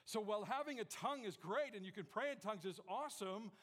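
A man preaching a sermon to a congregation, animated, swinging from loud to hushed and joking with the listeners. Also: sits high, fast talker, in a large hall. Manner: jokes with the congregation. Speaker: pastor. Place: church before a congregation.

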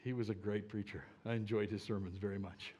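A male pastor preaching a sermon to his congregation, swinging from loud, emphatic calls to low, quiet asides. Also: fairly even intonation, brisk, slightly rough. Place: church sanctuary with a live congregation.

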